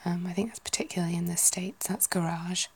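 A British woman speaks in a soft whispered ASMR chat, wandering from thought to thought as she muses aloud. Her low, breathy voice carries a gravelly crackle of fry. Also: steady tone, fast. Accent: British English. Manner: soft, rambling, musing aloud.

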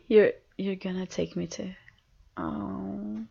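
Breathy, husky woman in whispered role-play. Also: medium pitch, muffled recording. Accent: non-native English. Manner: breathy, submissive, half-whispered with soft laughs. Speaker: audio role-play performer.

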